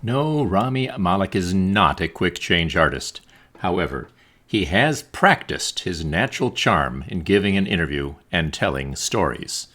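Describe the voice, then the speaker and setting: Man, low voice, lively swinging pitch, presenter, instructional narration. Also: measured pace, a little hiss or hum.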